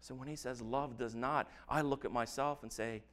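A man preaching a sermon, reading scripture slowly and earnestly with emphatic stresses. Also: medium pitch, fairly even intonation, fairly bright tone. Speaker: pastor.

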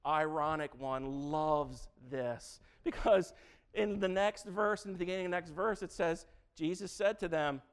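A male preacher delivering a sermon with emphatic, drawn-out phrasing and a sarcastic, playful sense of humor. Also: a little high, clean tone.

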